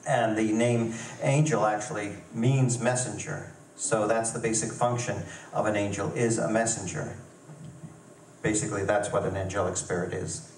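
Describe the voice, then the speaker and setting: A man's voice: lowish voice, steady tone, moderate pace, darkish tone, slight background noise. A man giving an earnest lecture at a conference, explaining his beliefs. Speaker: conference speaker. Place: conference hall. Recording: echoey hall, far from the mic.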